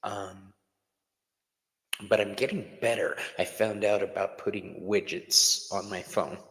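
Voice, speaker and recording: A man's voice: fairly low pitch, fairly even intonation, unhurried, a bit bright, husky, low-quality recording. A middle-aged man who reads tarot, hosting a casual livestream class and rambling chattily while greeting viewers by name.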